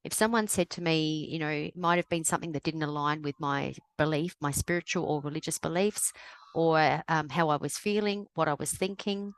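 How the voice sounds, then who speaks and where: Low-voiced woman, candid and reflective. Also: fairly quick. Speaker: grief recovery specialist guest. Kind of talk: podcast conversation.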